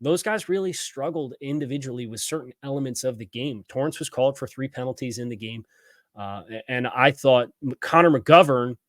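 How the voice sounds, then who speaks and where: A man's voice: mid-range voice, fairly bright tone, no room sound, clean studio sound. A man hosting a sports podcast, reading ads and then breaking down football tactics in a conversational way. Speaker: podcast host.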